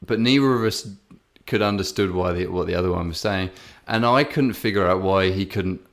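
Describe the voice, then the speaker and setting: A man's voice: low-pitched, a little fast. A man with an English accent, telling a story in a rambling way with many fillers and restarts, co-hosting a podcast. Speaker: podcast co-host. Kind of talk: casual podcast chat.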